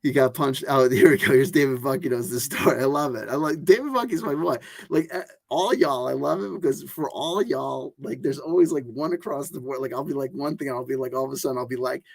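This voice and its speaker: A man's voice: mid-range voice, fairly quick, vocal fry, no room sound. A man hosting a tarot channel who talks in a loose, rambling monologue full of fillers and restarts.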